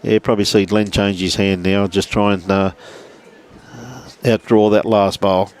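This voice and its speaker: Chatty Australian bowls commentator. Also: male voice, fairly low pitch, flat delivery, a little slow, darkish tone. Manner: chatty, greets viewers by name between shots. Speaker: lawn bowls livestream commentator. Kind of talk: casual live sports commentary.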